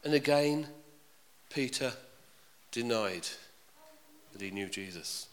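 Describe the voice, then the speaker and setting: A man's voice: mid-range voice, animated, slow, a bit bright, slight background noise. A man preaching a sermon in a chatty way, often asking his congregation questions. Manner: conversational, asks the congregation questions. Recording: reverberant hall.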